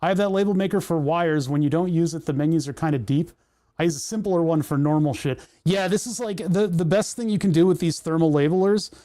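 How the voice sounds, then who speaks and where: Talking a little fast, a man with a slightly high, mellow voice rambles to himself as he works through menus during a casual livestream from his home workshop. He uses a desk microphone, and there's no room sound.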